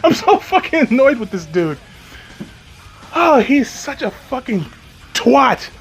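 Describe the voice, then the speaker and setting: A man's voice: very high-pitched, very animated, takes it slowly, vocal fry. A man giving profane reaction commentary, sarcastic and mocking, with frequent swearing and laughter. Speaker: commentary YouTuber. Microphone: home recording, off camera.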